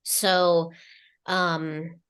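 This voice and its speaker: A woman's voice: lowish voice, flat delivery, a bit bright, clean tone. A woman co-hosting a spiritual podcast, relaying channeled messages in a casual, meandering way with lots of fillers and restarts. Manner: slow, meandering delivery with many fillers and restarts.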